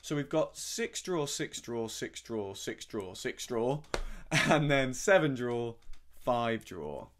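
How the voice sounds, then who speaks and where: A man in middle age teaches harmonica, talking through the notes in an easy, gentle manner. His voice sits at an ordinary middle pitch. Now and then he hums short syllables to show the sound he means. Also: big pitch swings, slow, a little hiss or hum. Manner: gentle, explanatory, demonstrates by humming syllables. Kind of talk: relaxed spoken music lesson.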